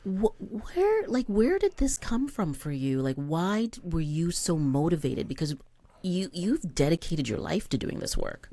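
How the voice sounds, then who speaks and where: A woman's voice: fairly low pitch, sing-song, unhurried, warm tone, no echo. A woman hosting an interview podcast, asking eager follow-up questions. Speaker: podcast host and coach.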